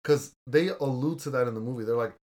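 A man's voice: medium pitch, fast, a little mellow. A young man hosting a casual podcast, reviewing a movie in a blunt, argumentative way and swearing casually. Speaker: podcast host.

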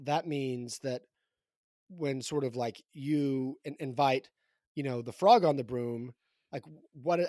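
A man co-hosting a podcast, rambling and halting through his thoughts about a picture book with lots of restarts. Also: mid-range voice, darkish tone, dry recording, studio quality. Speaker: podcast co-host.

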